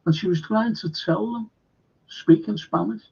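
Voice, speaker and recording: A man's voice: high voice, normal speed, creaky, warm tone, husky. An older man with a Liverpool accent, hosting a casual live football chat stream in a rambling, blunt way, swearing freely. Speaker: host. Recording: dull lo-fi stream audio.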